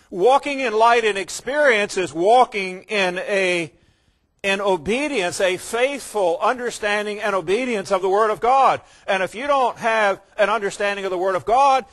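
Man, high-pitched, preacher, sermon, emphatic, stresses key words. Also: fairly bright tone. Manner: mimics casual believers in quoted asides.

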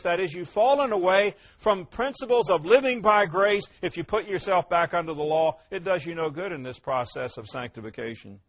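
High-voiced preaching man. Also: moderate pace. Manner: emphatic preaching with rhetorical questions, swinging between loud and quiet. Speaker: pastor. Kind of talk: sermon.

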